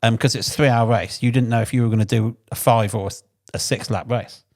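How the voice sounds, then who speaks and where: An English man telling lively, swear-filled anecdotes from his mechanic days in a casual podcast chat. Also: medium pitch, fast talker. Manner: animated anecdotes, swears freely, acts out shouted quotes.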